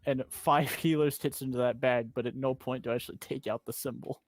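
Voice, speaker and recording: A man playing a tabletop role-playing game who often restarts his sentences and talks with a halting manner. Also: mid-range voice, fairly even intonation, no echo. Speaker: player.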